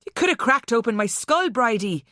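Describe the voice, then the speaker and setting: A woman's voice: on the high side, very animated, normal speed, pushed and bright, dry recording, clean studio sound, pitched above the performer's own voice. A woman voicing an injured young Irish man whose speech is slurred and faint. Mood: dazed, aggrieved. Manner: slurred, barely audible.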